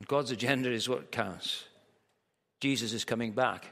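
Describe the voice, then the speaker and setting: Male preacher, mid-pitched voice, vivid storyteller, emphatic questions, long hall reverb. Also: moderate pace, a bit bright. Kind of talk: sermon. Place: large hall at a church camp.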